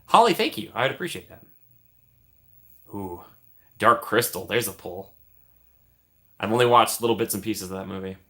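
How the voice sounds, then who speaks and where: A man's voice: lowish voice, animated, moderate pace, pauses often, sharp tone. A man hosting a casual live stream, joking around and thanking his chat. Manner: jokey, thanks chat often, trails off into asides.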